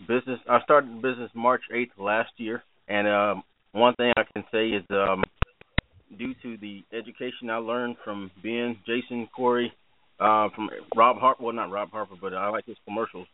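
A man's voice: medium pitch, fairly even intonation, moderate pace. A man calling in to a radio show, talking in a friendly, folksy way. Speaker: caller. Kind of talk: call-in radio chat. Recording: tinny phone line.

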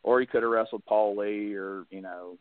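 A man's voice: lowish voice, fairly even intonation, normal speed, dry recording. A man, casually telling a story as a wrestling podcast co-host and acting out the quoted voices. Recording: dry, phone-like audio.

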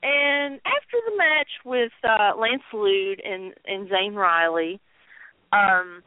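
A woman co-hosting a wrestling talk show, telling stories in an animated, chatty way with laughs and fillers. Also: mid-range voice, takes it slowly, no echo. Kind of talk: casual chat. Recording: tinny phone-line sound.

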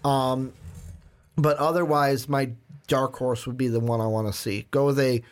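A man co-hosting a casual film podcast, animated and steering the talk, with frequent "um"s. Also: mid-range voice, normal speed. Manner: animated, steers the conversation with many "um"s. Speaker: podcast co-host. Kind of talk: casual chat.

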